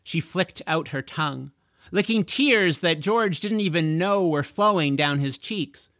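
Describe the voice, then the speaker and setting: A man narrating a chapter of a children's fantasy audiobook in a slow, expressive storytelling manner. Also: fairly high pitch, no room sound, studio quality.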